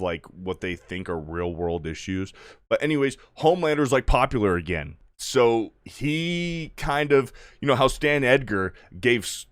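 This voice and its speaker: A man's voice: on the low side, no echo, clean studio sound. A man recapping TV episodes in a casual, rambling and profane way, full of "like". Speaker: video reviewer.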